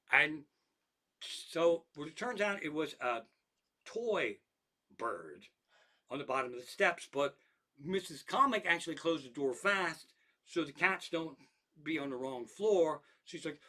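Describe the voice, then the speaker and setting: Brief: male comic spinning swear-heavy, rambling home stories in a bright, slightly high voice. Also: measured pace. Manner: profane, rambling, lots of restarts, animated. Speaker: comedian. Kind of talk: stand-up style storytelling monologue.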